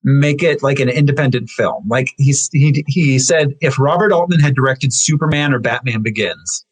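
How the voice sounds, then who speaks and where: A man's voice: medium pitch, normal speed, low-quality recording. A man co-hosting a film podcast, chatting casually as he goes through credits with fillers and small laughs. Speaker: podcast co-host.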